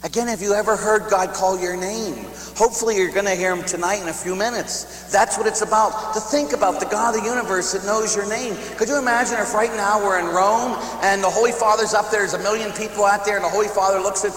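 A man's voice: high-pitched, fast, hardly any pauses, a bit bright. A man who is a priest, preaching in a conversational storytelling way with self-mocking humor. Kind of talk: storytelling sermon. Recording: echoey hall with faint hum.

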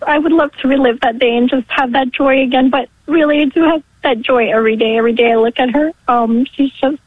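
High-voiced caller in her forties, emotional and halting, heard over a thin, dry phone line. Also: no echo. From Long Island, New York. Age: 40s. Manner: emotional, halting, breaks into laughter and tears. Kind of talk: call-in radio phone call. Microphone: telephone.

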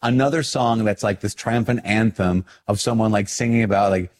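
A man with a slightly low voice talks casually to camera as a priest. He is animated and self-deprecating, often stopping to search for the right word. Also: moderate pace. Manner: animated, self-deprecating, acting out his own reactions. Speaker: priest, video host.

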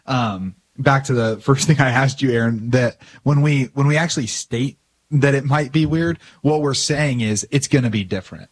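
A man's voice: mid-range voice, normal speed, husky. A man hosting a faith podcast, affirming his guest and asking reflective follow-up questions. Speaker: podcast host. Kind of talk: casual faith conversation.

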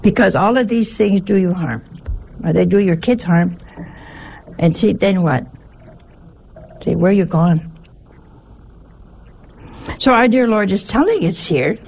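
A woman with a gravelly, creaky voice preaches in an easy, conversational way. She jokes and asks her listeners rhetorical questions, keeping her pitch in a middle range. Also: a little slow, pauses often, a little mellow. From Italian family. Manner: folksy, humorous, full of rhetorical questions. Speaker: religious teacher. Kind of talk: conversational sermon.

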